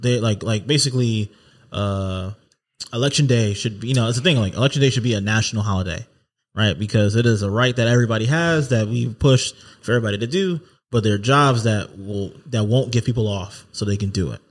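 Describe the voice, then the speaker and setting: A man's voice: fairly low pitch, brisk. A man from Delaware co-hosting a casual podcast chat, talking hesitantly with many restarts and fillers. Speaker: podcast co-host.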